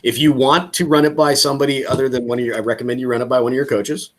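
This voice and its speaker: Husky, joking male coach. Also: mid-range voice, very fast. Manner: casual, joking, animated when acting out calls. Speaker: real estate coach. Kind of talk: coaching session on a video call.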